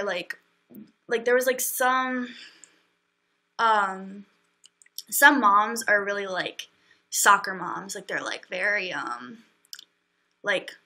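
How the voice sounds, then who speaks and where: A woman's voice: mid-range voice, pushed and bright. A young woman livestreaming, telling a long story in a chatty way, full of fillers and acted-out quotes. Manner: chatty, quick, acts out quotes, many fillers. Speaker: livestream host.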